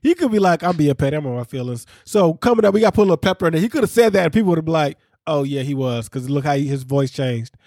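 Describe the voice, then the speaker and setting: Guy hosting a podcast recap, kinda high voice, lively and laughing, dry close mic. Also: racing, hardly any pauses, no echo. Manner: animated, laughing, quotes people in voices. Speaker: podcast host. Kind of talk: casual recap chat.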